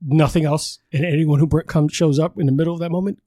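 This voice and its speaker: A man's voice: fairly high pitch, steady tone, fast talker, mellow, no room sound. A man hosting a podcast in a loose, casual chat, swearing often and laughing as he rambles. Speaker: podcast host.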